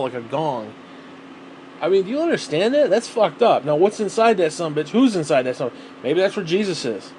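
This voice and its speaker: A man's voice: fairly high pitch, a little mellow, slight background noise. A man ranting alone in a vlog, rambling and exasperated, swearing constantly. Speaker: vlogger. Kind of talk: solo rant to camera.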